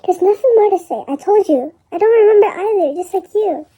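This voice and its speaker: A woman's voice: very high-pitched, lively intonation, brisk, dark tone, voice pushed up, low-quality recording. A woman voicing a bossy, snappy talking shadow girl in a fan drama reading. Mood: snappish.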